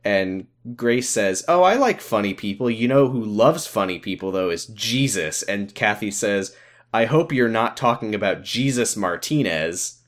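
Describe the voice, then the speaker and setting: A man's voice: on the low side, unhurried. A man co-hosting a casual podcast, recapping an episode sarcastically and acting out quotes. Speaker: podcast co-host.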